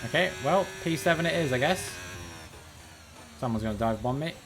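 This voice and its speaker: A man's voice: a little high, animated, normal speed, background noise. A man streaming live, giving casual, joking commentary while he plays, with rambling sarcastic asides.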